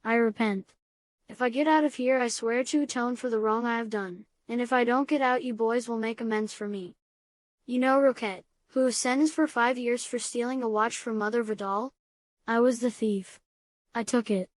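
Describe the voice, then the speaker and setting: A woman's voice: on the high side, steady tone, normal speed, dry recording, lightly acted. A woman reading the lines of a big, strong male miner who wails and begs forgiveness, in a dry, close recording. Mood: pleading. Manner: wailing, repeating his repentance.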